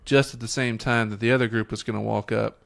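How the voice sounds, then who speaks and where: A man's voice: on the low side, fairly even intonation, fast talker, gravelly. A man co-hosting a podcast, reviewing a TV episode in casual chat, hesitant and trailing off into fillers. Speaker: podcast co-host.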